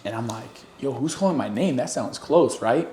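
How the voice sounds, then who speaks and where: A young athlete recounting a game moment in a relaxed, easygoing way. His voice sits in the middle range. The room sounds echoey with a faint hiss. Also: mid-range voice, moderate pace. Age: young adult. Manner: relaxed storytelling. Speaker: college football player, guest. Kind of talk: casual podcast chat.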